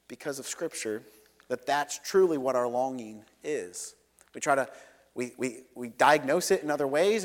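A man preaching a sermon as a pastor, earnest, swinging between loud emphatic lines and soft quiet ones. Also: fairly high pitch. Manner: earnest, rises and falls between loud and soft, leads congregation in repeating. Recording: long reverb of a hall.

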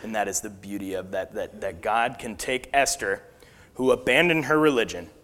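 A man preaching a sermon, telling a personal story in an earnest, halting way with fillers and restarts. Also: on the low side, fairly bright tone, in a large hall.

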